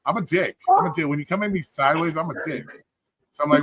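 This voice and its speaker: A man's voice: a little high, fairly even intonation, quick pace, a bit bright. A man telling stories on a live stream in a casual, blunt and profane way. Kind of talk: casual storytelling.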